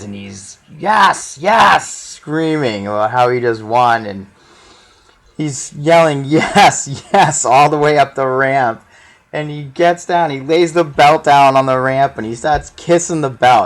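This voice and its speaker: A man with a somewhat low voice hosts his own wrestling review show. He talks casually and with animation, filling the gaps with "um"s as he walks through the matches. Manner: chatty and animated, with frequent "um"s. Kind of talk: casual solo recap.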